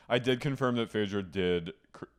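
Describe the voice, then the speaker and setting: A man co-hosting a casual podcast, campy and animated, often mimicking people in a high mock voice. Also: normal speed, clear, resonant tone. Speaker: podcast co-host. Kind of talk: casual chat.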